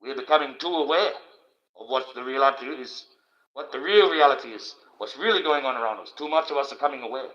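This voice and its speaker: A man with an Australian accent rants crudely on a livestream, swearing almost every line and tripping over restarts as he circles his points. His voice is tense and cutting, pitched around the middle for a man. The stream audio is dull and lo-fi. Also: a little fast, fairly bright tone. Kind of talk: rambling profane rant.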